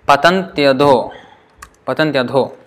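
A man with a medium-pitched voice teaches a Sanskrit class, patiently spelling words out and repeating them slowly while explaining sandhi rules. There's slight background noise.

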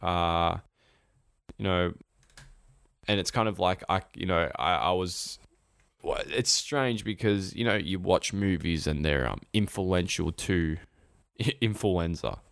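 Laid-back young Aussie guy, low voice. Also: slow pace, gravelly, fairly bright tone, clean tone, no echo, clean studio sound. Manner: rambling, laid-back, swears freely. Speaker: podcast co-host. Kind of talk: casual chat.

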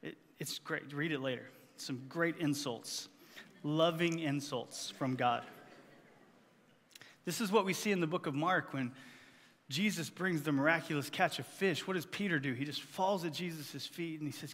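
Guy preaching a sermon, pretty high voice, lots of repeating for punch, big reverby church hall. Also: normal speed, a bit bright. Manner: emphatic, repeats phrases for effect. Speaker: pastor.

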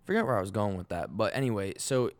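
A young man, co-hosting a podcast and telling stories in a lively, profane way. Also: lowish voice, quick pace, no room sound. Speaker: podcast co-host. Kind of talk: casual chat.

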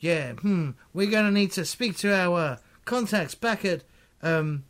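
A man voicing a gruff male gang thug who reports to his boss, with a southern-tinged drawl and stumbling speech. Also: high voice, animated, measured pace, a bit bright. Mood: worried. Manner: hesitant, stumbling mid-sentence.

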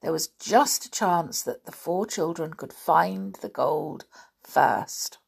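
A woman reading a children's storybook aloud in an expressive, lively narrating way. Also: low-pitched, takes it slowly, creaky, slightly rough.

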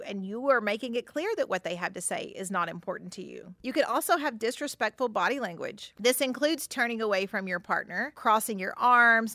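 A woman's voice: medium pitch, fairly bright tone, no echo, studio quality. A woman therapist hosting a podcast, talking frankly and conversationally about relationships and acting out example remarks. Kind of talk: casual advice podcast talk.

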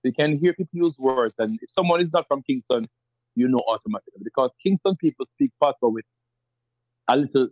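A man's voice: mid-range voice, expressive, brisk, darkish tone, dry recording. A man from rural Jamaica with a Jamaican accent, a podcast guest talking casually and animatedly, often repeating himself as he explains. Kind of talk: casual interview chat. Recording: dull lo-fi sound.

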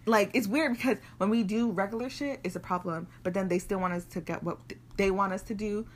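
A young woman from Nigeria, co-hosting a podcast, telling childhood stories in an animated, profane way with bursts of laughter. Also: medium pitch, fairly quick. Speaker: podcast co-host. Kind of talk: casual chat.

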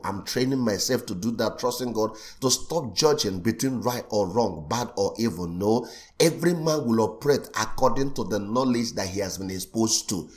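A middle-aged man preaching a sermon as pastor, animated, often acting out the voices of the people he quotes. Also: medium pitch.

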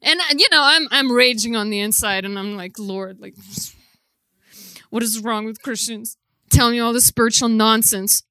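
A woman preacher telling a testimony in a casual, filler-heavy way, moving between hushed storytelling and loud, impassioned preaching. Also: medium pitch, moderate pace, no room sound. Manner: conversational, many "like" fillers.

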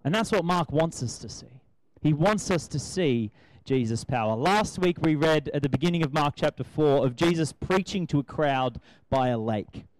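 A man's voice: on the high side, expressive, normal speed, dry recording, poor audio. A young man giving a conversational sermon, asking his listeners rhetorical questions. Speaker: preacher.

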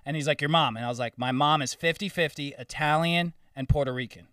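A man's voice: on the high side, fast talker, pushed and bright, dry recording, clean studio sound, distant mic. A man co-hosting a podcast, casually rambling through stories, swearing and retelling what others said. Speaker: podcast co-host. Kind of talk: casual chat, storytelling.

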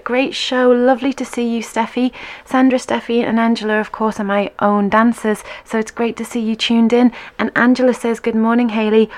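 A woman who teaches dance, hosting a live stream from home and chatting cheerfully as she reads out comments from her viewers. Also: mid-range voice. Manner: chatty, giggly and upbeat. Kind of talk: casual chat reading out viewer comments.

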